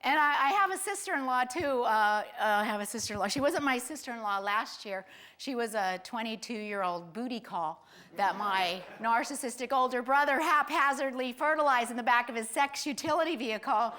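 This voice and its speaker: A high-pitched middle-aged woman performing stand-up storytelling. She tells family anecdotes in an animated way and slips into the voices of the relatives she quotes. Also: a little fast. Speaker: stand-up comedian.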